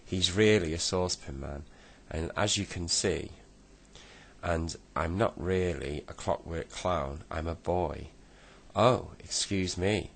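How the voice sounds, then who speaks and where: A man's voice: deep voice, slow pace, creaky, fairly bright tone, full character voice. A man voicing a polite boy turned into a clockwork clown, apologetic and easily flustered. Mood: earnest. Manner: apologetic, then cross.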